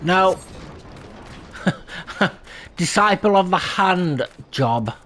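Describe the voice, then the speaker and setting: Chatty, self-deprecating gaming host. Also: male voice, sits high, lively intonation, drawn-out words, pushed and bright, slight background noise. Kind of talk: casual gameplay commentary. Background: faint game music.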